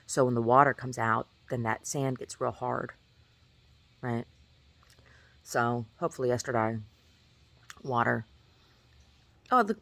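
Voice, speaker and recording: A woman vlogger talking in a rambling, chatty way, often asking "right?" and at times jumping up into a high squeaky pitch. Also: vocal fry, fairly bright tone. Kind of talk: casual rambling monologue.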